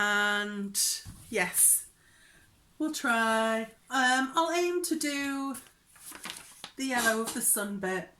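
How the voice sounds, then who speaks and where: Chatty woman, young, rambling and giggly, bright tone, home vlog with faint hiss. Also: mid-range voice. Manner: chatty, giggly, drops into whispers when excited. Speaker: cross-stitch vlogger.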